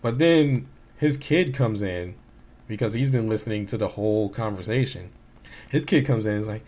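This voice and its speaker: Speaking on his own gaming channel, a man in his late 20s to 30s sounds animated, with a low-leaning, darkish voice at a moderate pace. His personal vlog talk is rambling and full of fillers and restarts, and he comes across as candid and wounded while repeating what others told him.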